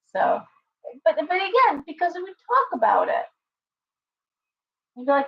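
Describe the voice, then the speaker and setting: A woman's voice: very high-pitched, sing-song, measured pace, vocal fry, pauses often, highs cut off. A woman hosting a casual live stream as a tarot reader, talking earnestly and rambling with many fillers and restarts while reading viewer comments aloud. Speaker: livestream host and tarot reader.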